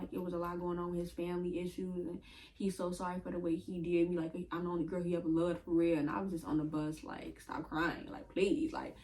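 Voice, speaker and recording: A young woman tells a casual story in a slangy, chatty way, slipping into the voices of the people she quotes. Her voice sits fairly low, and she is a little off the mic. A faint hum of room noise runs underneath. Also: darkish tone, recorded from a distance. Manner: slangy, conversational, acts out quoted dialogue. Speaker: storyteller vlogger.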